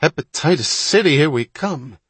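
A man voicing a loud, fussy city man with a nasal Brooklyn drawl in an audiobook. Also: fairly high pitch, lively intonation, moderate pace, slightly rough, no room sound, voice pushed up. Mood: loud, indignant.

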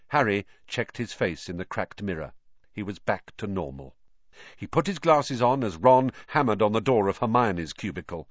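A man narrating a storybook in an expressive, animated reading style. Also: on the low side, normal speed, no room sound. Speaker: audiobook narrator. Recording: dull lo-fi dry audio.

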